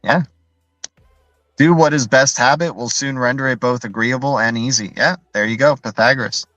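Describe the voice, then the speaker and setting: A man's voice: mid-range voice, normal speed, a bit bright, no echo, soft background music, rough recording. A man hosting a live stream in a loose, rambling way, tagging his points with "right?" and answering viewer chat as he goes. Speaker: livestream host.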